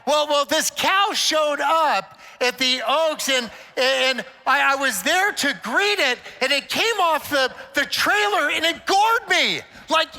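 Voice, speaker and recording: High-voiced older man preaching in a hall. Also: lively intonation, slow pace, hardly any pauses, sharp tone. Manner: playful, joking storyteller. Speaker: conference speaker. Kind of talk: inspirational conference talk. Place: conference stage in a large hall. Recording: long reverb of a large hall.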